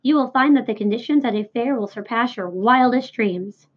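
A woman doing a worldly old ewe, coaxing, savoring manner, high-ish voice, dull lo-fi recording. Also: moderate pace, breathy edge. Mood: tempting. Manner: lush, savoring listing of foods. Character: crafty old female sheep, coaxing and worldly.

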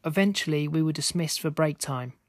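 A man reading a scripted spooky story aloud in a steady, measured way. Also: fairly high pitch, no room sound, studio quality. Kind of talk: scripted narration.

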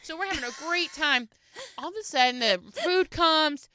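A woman's voice: high-pitched, normal speed, no room sound. A woman in her thirties chatting casually on a podcast, telling an anecdote and acting out what people said. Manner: animated storyteller who acts out quoted lines.

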